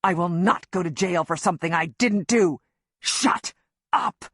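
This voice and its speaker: A woman's voice: fairly low pitch, unhurried, slightly rough, no room sound, clean studio sound. A woman voicing a desperate, volatile armed man in an audiobook, pleading at first and then bellowing and hissing threats. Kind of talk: audiobook narration.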